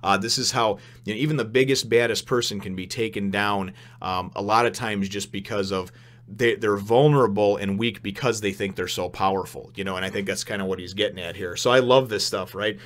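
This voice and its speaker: A man giving a casual spoken review of a comic chapter, rambling and excitable, often chuckling and restarting his sentences. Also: fairly low pitch, brisk.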